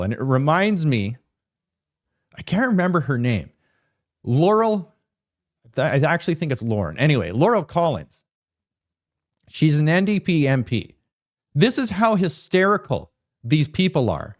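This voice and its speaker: A male host delivering opinionated news commentary with a lively, swooping voice that rises and falls constantly. He sits a little higher in pitch than most men and rants with sarcastic asides. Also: a little slow, pauses often. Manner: emphatic, ranting, sarcastic asides.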